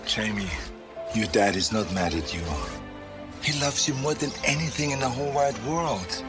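An actor voicing a costumed superhero father, soothing and tender, with a heavy accent and a mid-range voice. A film score plays clearly behind him in this movie scene. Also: mid-range voice, moderate pace, lightly acted. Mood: reassuring. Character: costumed superhero dad, gentle and reassuring. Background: film score music.

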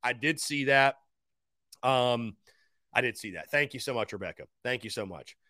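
A man's voice: mid-range voice, expressive, normal speed, no room sound, clean studio sound. A man hosting a live call-in sports podcast. He talks energetically, repeats his points, thanks viewers by name and speaks straight to his audience. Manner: thanks fans and shouts out supporters by name. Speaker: podcast host. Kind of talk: live-stream call-in show chat.

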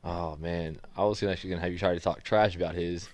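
A man's voice: low voice, fairly even intonation, fast, darkish tone, no echo. A man hosting a casual sports talk show, teasing his co-hosts and joking as he goes. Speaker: show host.

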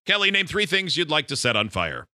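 A man hosting a casual podcast game, reading out prompts with wry, deadpan quips. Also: a little high, a little fast, heavy background noise. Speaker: game host reading cards.

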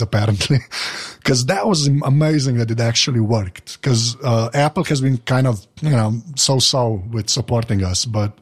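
Man, husky voice, rambling casual chat, lots of fillers. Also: mid-range voice. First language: Slovene. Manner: rambling, anecdotal, many fillers. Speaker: podcast panelist.

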